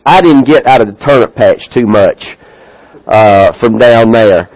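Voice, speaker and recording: A middle-aged man with a Southern US accent, a visiting pastor speaking to a church in a slow, folksy way full of "uh" fillers. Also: mid-range voice, darkish tone, poor audio. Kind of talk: church address. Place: church sanctuary.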